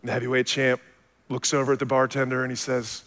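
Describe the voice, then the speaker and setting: A pastor preaches a fast-paced sermon full of stories, swinging animatedly from quiet, low passages up to loud, shouted peaks. The recording carries a long hall reverb.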